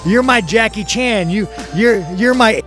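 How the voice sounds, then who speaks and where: A man's voice: high voice, measured pace. A man joking crudely in casual chat. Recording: music clearly behind voice.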